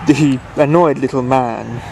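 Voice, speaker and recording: A man reads a bedtime story aloud at an unhurried pace, stopping now and then to restart a phrase. His voice has a gravelly, creaky texture. The pitch sits at a mid level. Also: background noise.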